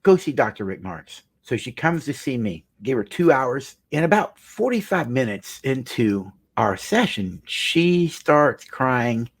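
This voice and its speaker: A man's voice: medium pitch, sing-song, measured pace, few pauses, breathy edge. A middle-aged man, a marriage counselor, telling a client story to the camera with emphatic, preacher-like delivery.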